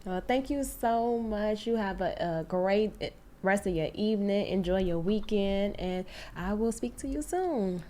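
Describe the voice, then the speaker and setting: A woman's voice: medium pitch, animated, measured pace, hardly any pauses, warm tone. A woman hosting a podcast, chatting casually with her guest in an effusive, affectionate way and calling her "girl" and "honey.". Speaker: podcast host. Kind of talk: casual interview chat.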